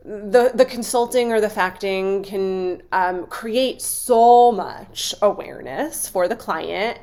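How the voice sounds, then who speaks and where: A woman leads a group coaching call, talking earnestly through her points and checking in often. Her voice has a gravelly, creaky edge over a middling pitch. It sounds like a video call. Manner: earnest, reflective, with frequent "right?" check-ins. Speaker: coaching instructor.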